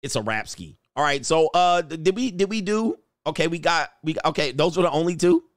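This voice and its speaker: A man's voice: fairly high pitch, animated, fairly quick, dry recording, clean studio sound. A man hosting a casual reaction show, joking in slang and often laughing as he comments on clips. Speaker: commentary host.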